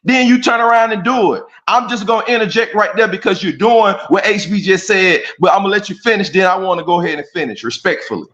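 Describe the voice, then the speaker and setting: A man's voice: sits high, quick pace, few pauses, fairly bright tone. Insistent man in echoey lo-fi audio. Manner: insistent, repeats words, keeps saying he is being respectful. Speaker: debate participant. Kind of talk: heated debate.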